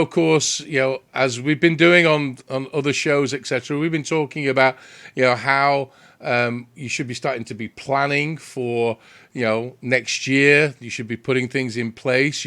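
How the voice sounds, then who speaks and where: A man's voice: medium pitch, fairly bright tone. A British man hosting a business interview show, chatty and upbeat, with frequent fillers and restarts. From Britain. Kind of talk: energetic interview chat.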